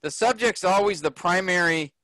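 A man teaching a grammar lesson to a group, slow and patient, often checking that the class follows. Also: high-pitched, a bit bright, no room sound. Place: workshop room.

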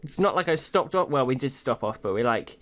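A man's voice: mid-range voice, lively intonation, a little fast. A young man from England, joking and swearing through casual banter while playing a geography guessing game with a friend. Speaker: gaming video co-host.

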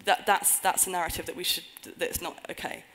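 A woman's voice: on the low side, level tone, fairly quick, a bit bright, a little hiss or hum, poor audio. A woman giving a conference talk on a stage before an audience, earnest with wry humorous asides. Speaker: conference speaker.

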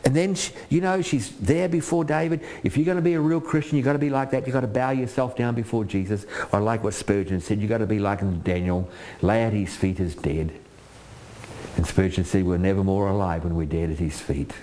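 Emphatic older preacher with sweeping pitch. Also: male voice, steady tone, brisk, dark tone. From Australia. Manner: emphatic, swings between high pleading quotes and low earnest asides, repeats "Amen?". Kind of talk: sermon.

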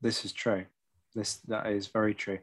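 A man with a very low, deep voice hosts a casual talk about a strategy game as he plays it. He speaks in a measured way with dry, wry asides, often pausing to weigh his words. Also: little pitch movement. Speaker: podcast host. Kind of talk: casual discussion while playing.

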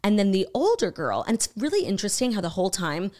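A young adult woman co-hosting a podcast, retelling a story in casual chat, animated and swearing freely, with many "like"s. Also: medium pitch, fast. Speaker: podcast co-host.

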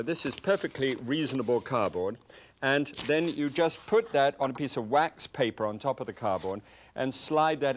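An older man, demonstrating a recipe in a chatty, enthusiastic way as a cooking show host. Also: mid-range voice.

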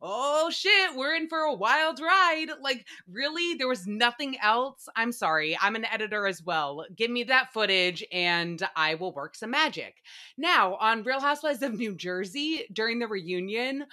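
A woman hosting a casual reality-TV recap podcast, ranting in an animated, profane way. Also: medium pitch, moderate pace. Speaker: podcast host.

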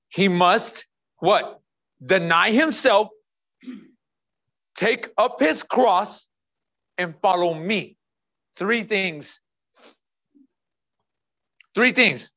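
A high-pitched male pastor, preaching emphatically. He hammers home key phrases, repeating them and calling out to the congregation as he walks them through scripture. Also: a bit bright. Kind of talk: sermon.

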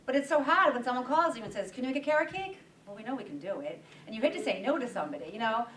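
Woman, fast-paced, animated storyteller, roomy hall sound, heard from a distance. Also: fairly high pitch, a little hiss or hum. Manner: animated, acts out quoted dialogue. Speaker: bakery owner and guest speaker. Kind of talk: storytelling talk with audience questions. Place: meeting room at a breakfast event.

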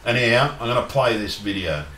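A man's voice: medium pitch, expressive, brisk, over a noisy crowd. Angry guy ranting and cussing nonstop, echoey room. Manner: swears constantly, angry and agitated. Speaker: YouTuber. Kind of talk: angry rant to camera.

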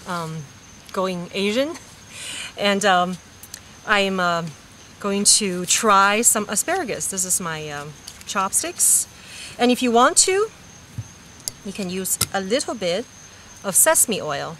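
A woman walks through a recipe as a cooking-show chef, slow and easygoing, with many pauses and fillers. Her voice is bright and clear. Frying sizzles faintly in the kitchen behind her. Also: lowish voice, animated, slight background noise. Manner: unhurried, with frequent fillers. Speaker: vegan chef. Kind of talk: cooking demonstration.

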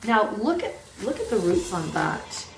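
With a sing-song, creaky voice at medium pitch and a measured pace, a middle-aged woman eagerly shows off the houseplants in her home, frequently unsure what they're called. The casual home video has roomy echo, music in the background and a little hiss or hum.

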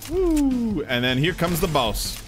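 A man's voice: high-pitched, wildly swooping pitch, slow pace. A man giving playful live commentary while playing a video game, chanting gunshot sounds as he goes. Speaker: let's play gamer. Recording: game music playing underneath. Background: video game music.

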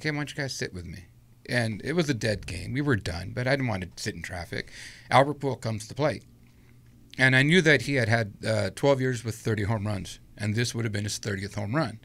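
A middle-aged man with a low, gravelly voice spins a long personal story, slipping into the voices of the people in it. He sounds relaxed and chatty, speaking as a guest in a casual interview. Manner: animated anecdote-telling with acted-out quotes.

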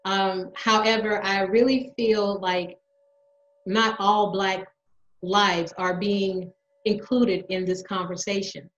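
A woman's voice: medium pitch, level tone, slow pace, fairly bright tone, roomy sound, highs cut off, slight background noise. A woman playing a mother in a monologue, emotional and defiant as she speaks out. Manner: emotional, defiant, building to anger. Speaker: mother speaking on her platform. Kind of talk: theatrical monologue.

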